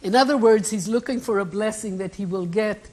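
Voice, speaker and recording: A woman giving a keynote talk, retelling an old story with vivid, expressive asides. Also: medium pitch, fairly quick, poor audio. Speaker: keynote speaker. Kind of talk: dramatic storytelling lecture.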